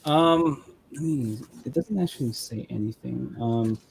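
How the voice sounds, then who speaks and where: Hosting a model-building stream, this man has a medium-pitched voice that's gravelly and husky. He chats casually in a rambling, halting way, often starting sentences over.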